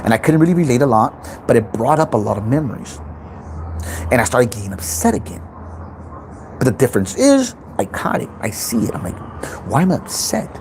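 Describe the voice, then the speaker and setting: A man's voice: mid-range voice, big pitch swings, a little fast, a little mellow, slight background noise, rough recording. A man hosting his own self-help channel, giving an intense, unscripted motivational talk in which he repeats points and swears freely.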